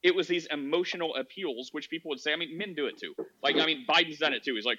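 A man hosting a podcast argues his point in casual debate chat, rambling, restarting often, and quoting others in mocking voices. His voice sits on the high side and he talks fast with few pauses, on a lo-fi recording with a noisy background.

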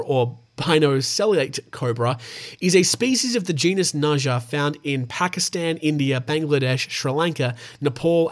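A man with an Australian accent hosting a casual show, reading out animal news stories and tossing in swearing asides. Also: fairly high pitch. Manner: stumbles over names, swears in asides.

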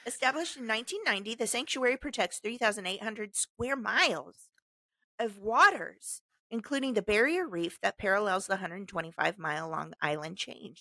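A woman's voice: medium pitch, expressive, normal speed, bright, forceful tone, no echo. A woman co-hosting a podcast, reading a news story aloud with sarcastic asides and frequent laughter. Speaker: podcast co-host.

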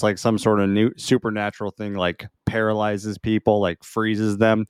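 A man's voice: fairly low pitch, smooth, no echo, clean studio sound. A man co-hosting a podcast, chatting casually about movies, laughing often and leaning on "like". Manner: relaxed, laughs often, hedges with "like". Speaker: podcast co-host.

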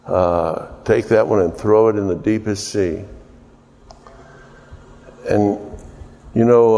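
A man preaching an informal sermon, rambling and unhurried with many fillers, his voice ringing with long hall reverb. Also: lowish voice, warm tone.

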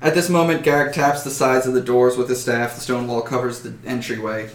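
A man's voice: medium pitch, fairly even intonation, a little fast. A man narrating a fantasy battle story dramatically, with occasional slips. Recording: roomy echo.

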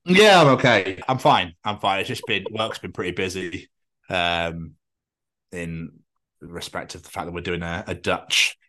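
A man co-hosting a podcast in casual chat. He swears freely and tells stories in an animated way. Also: low-pitched, measured pace. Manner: chatty, sweary, animated storytelling. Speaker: podcast co-host.

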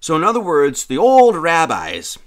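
Man, livestream host, casual mocking lecture, slangy, very animated pitch. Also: moderate pace.

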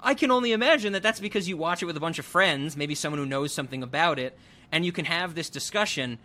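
Brief: young male podcast host, rambling and chatty, bright and slightly high. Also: animated. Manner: chatty, many fillers and quick asides. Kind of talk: casual chat.

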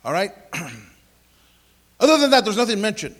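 A man preaching a sermon, leading a prayer and explaining scripture with lively conversational asides and frequent throat clearing. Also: high voice, a little slow. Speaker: pastor.

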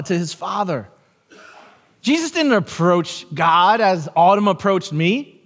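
A man's voice: high-pitched, a bit bright, husky. Earnest, repetitive male pastor preaching. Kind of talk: sermon. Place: church. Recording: long hall reverb.

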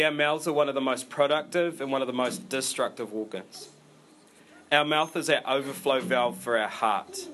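Male preacher, mid-pitched, loose and chatty, lots of ums and restarts, faint room hum. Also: a bit bright. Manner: informal, rambling delivery with many fillers and restarts. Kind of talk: conversational sermon.

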